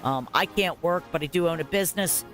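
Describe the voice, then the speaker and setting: Faint music sits behind a woman in her forties, a parent recounting her story over gameplay. Her voice is on the low side, a bit bright and brisk, and she rambles candidly with plenty of fillers, asides and "blah, blah, blah."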